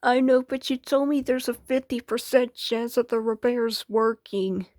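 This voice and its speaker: A woman's voice: a little high, steady tone, unhurried, a little mellow, no room sound, lightly acted. A woman voicing an anxious female washing machine that worries about repairs and mispronounces words. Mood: worried.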